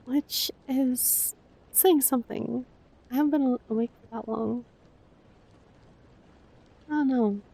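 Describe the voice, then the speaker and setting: A woman streamer chatting casually with her viewers, soft-spoken and emotional, with frequent swearing. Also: high-pitched, fairly even intonation, slow pace, pauses often, husky. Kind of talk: casual live-stream chat.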